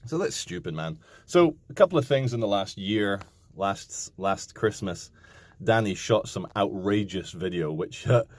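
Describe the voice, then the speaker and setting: A man in his thirties talking to camera in a casual, animated rant, swearing and mocking other people. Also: lowish voice, a little slow. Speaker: vlogger.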